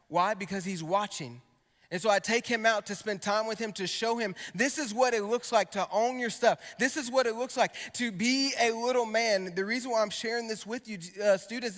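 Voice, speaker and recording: A man's voice: high voice, a bit bright. A young man, a youth pastor, preaching to students in a conversational way, with personal stories. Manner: conversational preaching with storytelling asides. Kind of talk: sermon to students. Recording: long hall reverb.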